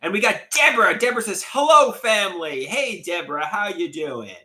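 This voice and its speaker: A man's voice: sits high, sing-song, a little fast, sharp tone. A man hosting a casual livestream, rambling and chatty as he reads out viewer comments and greets them by name. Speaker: livestream host.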